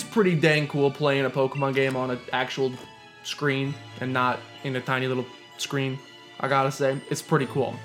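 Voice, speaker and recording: A man's voice: mid-range voice, level tone, normal speed, a bit bright. A young man streaming a video game, joking and ranting as he plays and sometimes reading the game's lines aloud. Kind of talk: casual gameplay commentary. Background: game music.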